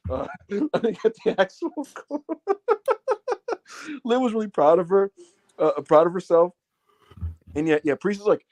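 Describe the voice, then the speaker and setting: Guy hosting a wrestling podcast, lively, does little voices for quotes, bit high pitched. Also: moderate pace. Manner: animated, acts out quotes, swears freely. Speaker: podcast co-host. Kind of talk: casual wrestling review chat.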